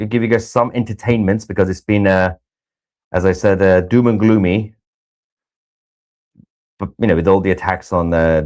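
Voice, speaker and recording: A man's voice: lowish voice, a little mellow. A man from Iran co-hosting a live news stream, giving sarcastic, mocking commentary on clips. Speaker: livestream co-host.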